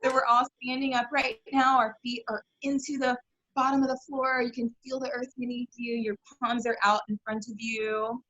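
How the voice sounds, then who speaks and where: A woman's voice: on the high side, level tone, moderate pace, fairly bright tone, no room sound. Cheerful woman teaching kids yoga over a video call, dry close sound. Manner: upbeat, encouraging, laughs often. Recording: dull lo-fi video call audio.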